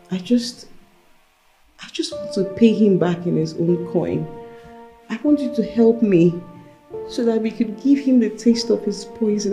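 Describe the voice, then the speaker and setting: A woman's voice: medium pitch, warm tone, natural voice. A woman playing a cold, wounded Nigerian wife. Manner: firm, cold, measured. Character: heartbroken, cold young wife seeking revenge.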